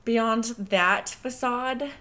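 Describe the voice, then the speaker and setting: Brief: woman podcast host, bright forceful tone, swears freely, jokey. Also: fairly high pitch, very slow. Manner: loose, profane, jokey storytelling. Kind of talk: casual chat, reading history notes.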